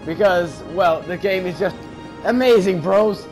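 A man giving excited let's play commentary while gaming, often calling his audience bro. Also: sits high, a little slow, music in the background. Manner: excitable, keeps saying bro. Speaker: gamer.

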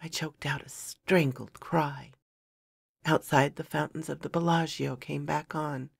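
Slow, gravelly woman narrator. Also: low-pitched, fairly even intonation, no room sound, studio quality. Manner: measured, dramatic storytelling. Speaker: storyteller. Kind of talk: first-person fantasy narration.

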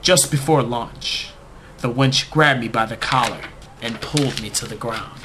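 A man narrating a comic first-person story in a deadpan, overblown storyteller manner. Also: mid-range voice, unhurried, noisy background.

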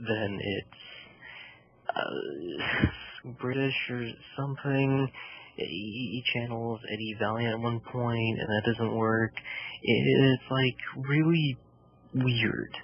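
A man's voice: mid-range voice, slow pace, breathy edge. A man co-hosting a casual film review podcast, ranting animatedly about a movie. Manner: animated, ranting, mimics voices. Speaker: podcast co-host. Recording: dull lo-fi podcast audio.

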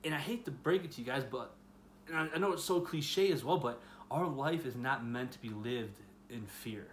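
A man's voice: mid-range voice, moderate pace. Young guy, earnest and chatty, talking to students about faith, faint hiss behind him. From Chicago area, US. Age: 20s. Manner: earnest, chatty, full of "you know" and "like". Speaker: youth ministry speaker. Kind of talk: casual devotional talk to students.

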